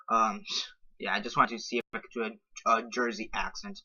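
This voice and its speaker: A man talks through a casual movie review in a very bright, sharp-edged voice. He rambles, stumbles on words and keeps circling back to filler phrases. The sound is dull and lo-fi. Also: fairly low pitch, steady tone, fairly quick. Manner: rambling, repeats "so yeah" with many ums.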